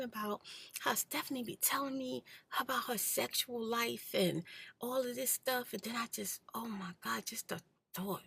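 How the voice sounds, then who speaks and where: A woman hosting an ASMR channel, telling her personal story in a soft-spoken, candid, blunt way and sometimes dropping to a whisper. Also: a little high, moderate pace, vocal fry, breathy edge, no echo.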